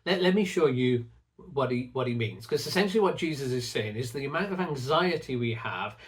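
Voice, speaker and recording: A man's voice: medium pitch, expressive, a little fast. A middle-aged man hosting his own channel, giving an earnest, reflective talk on faith. He often repeats a word as he starts a phrase. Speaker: faith teacher and channel host.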